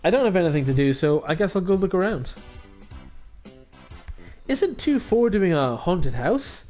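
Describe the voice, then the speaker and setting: A man voicing a cheerful young female student heroine in a visual novel, eager and chirpy, pitched above his own voice. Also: very animated, normal speed, darkish tone, faint music behind. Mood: curious.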